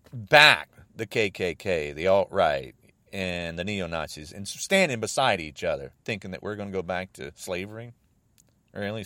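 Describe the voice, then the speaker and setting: An American man delivering an agitated political rant, repeating himself and swinging between raised outbursts and low muttering. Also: a bit bright, no room sound. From United States.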